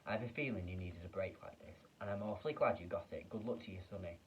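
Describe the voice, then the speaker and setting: A man voicing a fat, well-fed male shopkeeper who is excitable and kindly, with loud, excited yelling in a storybook reading. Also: deep voice, fast talker, far from the mic, lo-fi sound, slight background noise, natural voice.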